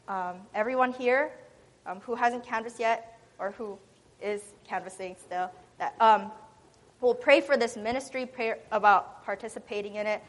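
A woman giving an earnest spoken testimony, pausing with fillers now and then. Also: fairly high pitch, fairly bright tone, long reverb tail. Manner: earnest, with some hesitant fillers.

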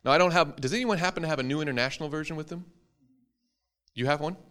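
A man's voice: a little high, quick pace, a bit bright, clean tone. A man, a preacher, teaching an interactive Bible class to a live audience, joking and quizzing them as he goes.

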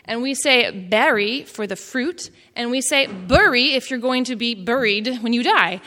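A woman's voice: on the high side, normal speed, sharp tone, big-room sound. A woman voicing a puzzled English patient.

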